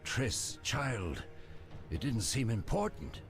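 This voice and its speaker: An actor voicing a stern, commanding old male witcher mentor in a video game, giving gruff orders. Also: mid-range voice, big pitch swings, slow pace, loud music behind the voice, full character voice.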